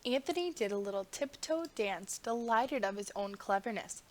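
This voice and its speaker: A woman narrating a fairy tale in an unhurried, expressive storybook style. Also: mid-range voice.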